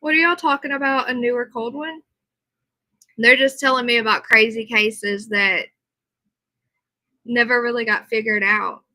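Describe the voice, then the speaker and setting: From home, a tired livestream host chats casually, reading aloud and answering her viewers' comments. Her voice is on the high side with a sharp tone and fairly even intonation, at a moderate pace with long pauses. The recording is dry and the audio poor.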